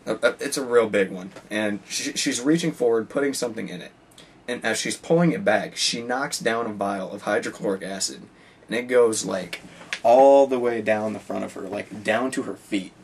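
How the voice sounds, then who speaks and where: Teen guy, low husky voice, loose rambling storyteller, mic set back from him. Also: recorded from a distance. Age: teens. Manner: rambling, lots of "like" and "you know". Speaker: high school student. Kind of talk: casual storytelling.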